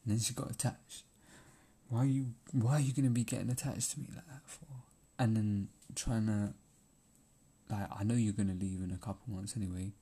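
A man's voice: lowish voice, steady tone, brisk, dark tone, slightly rough. A man ranting in a rambling, profane monologue, laughing often and repeating himself.

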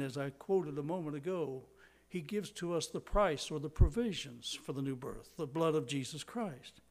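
A man's voice: on the high side, darkish tone. Older male preacher, dramatic sermon delivery. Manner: dramatic preaching, slows for emphasis, drops to a whisper.

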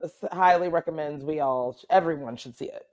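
A woman's voice: low-pitched, fairly quick, a little mellow. A woman co-hosting a podcast in casual chat, teasing and chiming in often. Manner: playful teasing, chimes in often. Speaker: podcast co-host.

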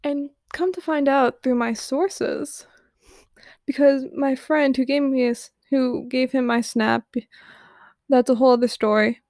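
A woman's voice: sits high, fairly even intonation, measured pace, a little mellow, dry recording, studio quality. A teenage girl telling a story in a candid, profane, chatty way, full of "like". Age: teens. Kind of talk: casual storytelling.

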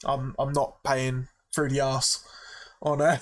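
A man's voice: mid-range voice, measured pace. A young man co-hosting a casual podcast, reacting drily and telling a story at an easy, hesitant pace. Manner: relaxed, hesitant with fillers, dry reactions. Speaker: podcast co-host.

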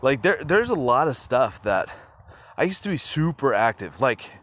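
A man's voice: mid-range voice, big pitch swings, moderate pace, a bit bright. A man hosting his own podcast, talking casually and rambling off on tangents, chuckling often with plenty of fillers, recorded on a phone. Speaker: podcast host. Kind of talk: casual solo podcast monologue.

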